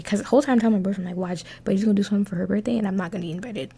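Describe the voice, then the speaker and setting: A young woman telling a dramatic storytime in a casual, animated way, swearing freely. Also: mid-range voice, racing, creaky, slightly rough. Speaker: vlogger.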